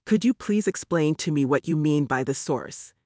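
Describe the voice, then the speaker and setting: A man reading the part of a friendly young man speaking from a magic mirror, calm and reassuring in an audiobook. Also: on the high side, normal speed, no room sound, studio quality, natural voice. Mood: puzzled.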